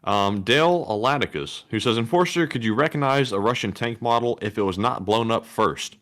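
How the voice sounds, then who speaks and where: A man co-hosting a casual live stream, reading out donations in an even, plain way. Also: medium pitch, brisk.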